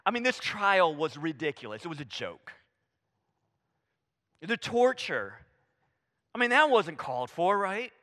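A man preaching a sermon, animated and conversational, acting out quoted voices and dropping to a hush for emphasis. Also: high-pitched, a little slow, pauses often. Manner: animated, swings from loud emphasis to hushed near-whisper; acts out quoted voices, casual fillers like "I mean" and "right?". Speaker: pastor.

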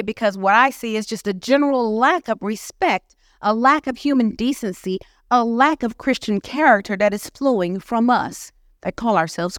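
A woman preaching to a women's session at church, lively and conversational. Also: on the high side, clear, resonant tone, dry recording, clean studio sound. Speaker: guest speaker. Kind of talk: teaching sermon. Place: church hall.

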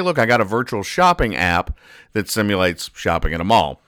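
Man, podcast host, deadpan and rambling, bright crisp tone, close dry sound. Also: deep voice, dry recording. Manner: rambling, self-deprecating, lots of uh fillers. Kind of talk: deadpan comic-strip recap.

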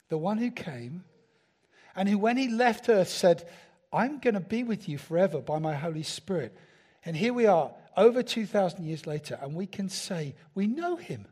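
A man's voice: high voice, darkish tone. A man preaching a sermon in a church, talking conversationally and asking the congregation rhetorical questions. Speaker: pastor.

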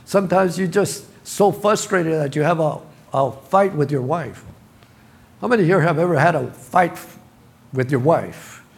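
Middle-aged man, pastor, church sermon, gravelly voice, slightly high pitch. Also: unhurried. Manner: preaching with rising bursts of emphasis and humor. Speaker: senior pastor. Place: church sanctuary.

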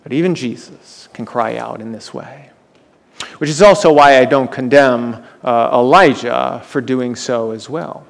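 A man's voice: mid-range voice, a little slow, vocal fry, big-room sound. A male pastor preaching a sermon, retelling scripture dramatically and asking the listeners rhetorical questions.

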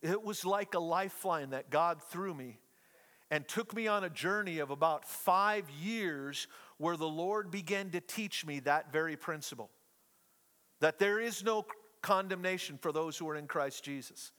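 A middle-aged man preaching a sermon to a congregation, telling stories with playful, animated asides. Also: fairly high pitch, a little slow, big-room sound. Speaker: pastor. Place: church hall, live congregation.

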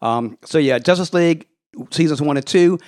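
A man's voice: fairly high pitch, moderate pace. A man hosting a casual chat, eagerly retelling cartoon scenes and acting out bits of the dialogue. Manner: animated retelling with acted quotes. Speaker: podcast host.

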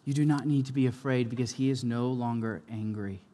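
A man's voice: medium pitch, fairly even intonation, fairly quick. Impassioned male pastor in a big hall. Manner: impassioned, swinging from hushed to forceful. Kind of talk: sermon. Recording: long reverb of a large hall.

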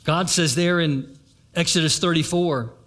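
A man's voice: fairly high pitch, steady tone, measured pace, fairly bright tone. A man preaching a sermon, retelling a story and turning to the congregation with asides. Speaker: pastor.

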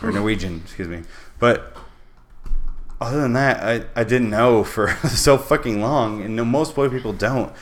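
A man's voice: mid-range voice, moderate pace. A man hosting a podcast in casual chat with friends, rambling and swearing freely. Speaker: podcast host.

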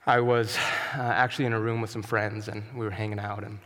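A man preaching a sermon as pastor, earnest and emphatic, sometimes dropping to a soft, quiet tone. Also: on the low side, level tone, fairly quick, in a large hall. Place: church sanctuary.

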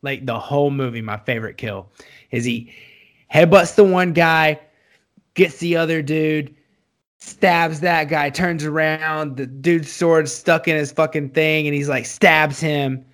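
A man co-hosting a casual movie chat, excitable and profane, his voice jumping up when he gets worked up. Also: measured pace. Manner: excitable, swears a lot, voice jumps high when excited. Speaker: podcast co-host.

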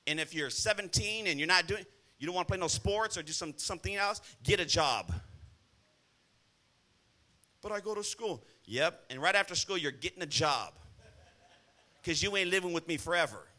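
Bright, blunt high-voiced pastor. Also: male voice. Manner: blunt, scolding, calls out "Amen?". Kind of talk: sermon.

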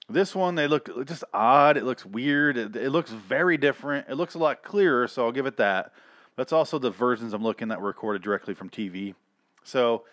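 A man's voice: mid-range voice, fairly bright tone, no room sound, clean studio sound. A man giving casual, rambling, sarcastic review commentary on cartoon episodes, swearing freely.

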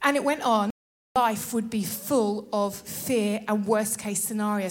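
A woman preaching a sermon in a lively way, often laughing and acting out little scenes. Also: a little high, measured pace.

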